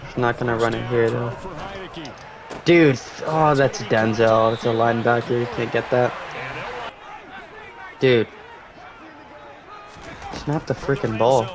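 A young man giving live commentary on his own video game, talking casually, swearing, and yelling at big plays. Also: medium pitch. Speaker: gaming streamer.

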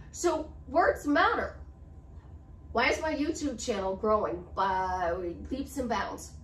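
Woman coach hyping affirmations over and over, highish voice, echoey room, mic kinda far. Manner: emphatic, repetitive affirmations. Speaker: life coach. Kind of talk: motivational talk to camera. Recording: roomy, slightly distant mic with faint hiss.

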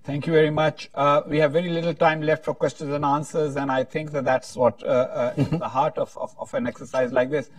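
A man's voice: on the high side, little pitch movement, a little fast, few pauses, no room sound, recorded from a distance. A man moderating a panel discussion, talking in a rambling, hesitant way with frequent restarts.

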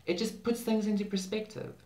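A man's voice: high-pitched, fairly even intonation, fairly quick, warm tone. Earnest man in a roomy echo. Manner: earnest, effusive, repeats words for emphasis. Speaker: spiritual channel and healer. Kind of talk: heartfelt spiritual vlog talk. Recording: roomy echo, mic at a distance.

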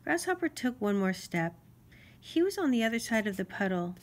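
A woman reading a children's storybook aloud in an expressive, sing-song way. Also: medium pitch, normal speed. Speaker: storybook reader.

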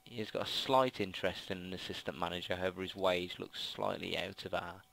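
Deep-voiced Brummie man rambling over gameplay. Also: steady tone, fairly quick, gravelly, fairly bright tone, rough recording. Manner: rambling, heavy on ums and restarts. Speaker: gaming commentator. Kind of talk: casual game commentary. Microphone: gaming headset mic.

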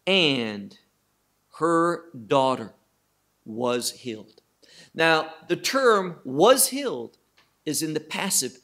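In a slightly high, fairly bright voice, a man teaches a Bible passage one verse at a time. He's slow and emphatic, raising questions and supplying the answers himself.

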